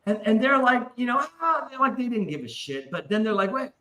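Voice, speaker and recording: In a rough, roomy recording, a man with an extremely high voice talks a little fast. Guesting on a podcast, he tells a wild story casually, cursing a lot and performing the voices of its characters with animation.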